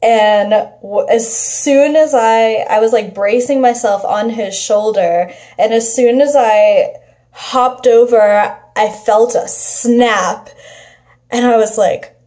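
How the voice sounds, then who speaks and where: A woman tells a personal story to camera at an unhurried pace. Her voice is soft and mellow, never sharp. She is chatty and profane, with a steady stream of filler "like"s. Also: on the high side. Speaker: vlogger. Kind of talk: casual storytelling.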